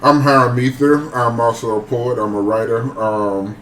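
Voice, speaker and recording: A man's voice: medium pitch, flat delivery, moderate pace, a bit bright. A man appearing as a guest poet on a podcast, easygoing with hesitant fillers. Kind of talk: casual podcast chat. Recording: distant echoey mic with faint noise.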